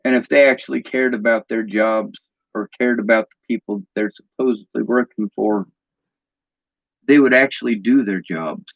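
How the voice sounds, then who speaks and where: A man's voice: on the low side, normal speed, gravelly, no room sound. Bitter man ranting, dull lo-fi sound. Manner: bitter, agitated, swears often. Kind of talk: angry personal vlog rant.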